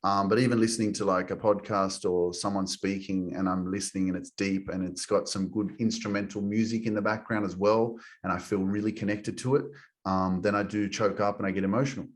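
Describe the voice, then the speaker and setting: A man's voice: fairly low pitch, steady tone, a little fast. A man hosting a podcast, talking in a reflective, open way with many "um"s and calling his guest "man". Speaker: podcast host. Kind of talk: casual podcast chat.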